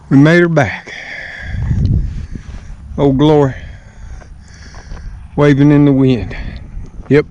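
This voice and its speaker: An older man from the US Deep South with an Alabama accent, vlogging in a slow, folksy, homespun manner as he walks outdoors through the woods. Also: fairly even intonation, darkish tone, lo-fi sound, slight background noise. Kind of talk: casual walking vlog. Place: outdoors in woods and on a front porch.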